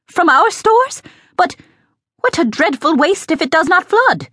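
A woman voicing a fussy, talkative female abbey cook who fusses and scolds. The cook chatters on and frets out loud. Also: medium pitch, very animated, moderate pace, no echo, clean studio sound. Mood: fretful. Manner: busy, talkative, fretful, scolding.

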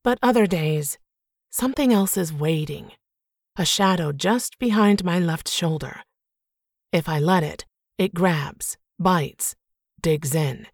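Brief: woman narrator, low voice with a gravelly edge, dry booth sound. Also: no room sound. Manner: measured, reflective storytelling. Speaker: audiobook narrator. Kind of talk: first-person audiobook narration.

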